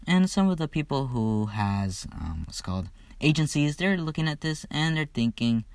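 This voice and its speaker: A man's voice: lowish voice, sing-song, a little fast, no echo. A man casually retelling a fan story, rambling and profane, with loose fillers.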